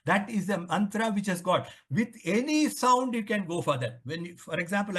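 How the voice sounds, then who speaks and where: Older indian guy, high voice, rambling lecture-style answers, keeps asking himself questions. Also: expressive, a little fast, hardly any pauses, a bit bright. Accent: Indian English. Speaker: author interviewed on the Vedas. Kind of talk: explanatory conversational interview.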